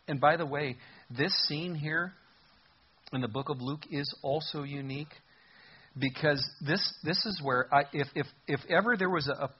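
A man preaching a sermon as pastor, expressive, rising loud for emphasis and dropping soft. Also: medium pitch, husky, dull audio.

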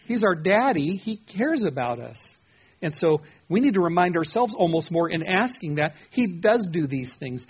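A man's voice: fairly high pitch, breathy edge. A man preaching an expository sermon in a conversational, earnest way, asking his listeners questions as he teaches. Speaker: pastor. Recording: dull lo-fi sound.

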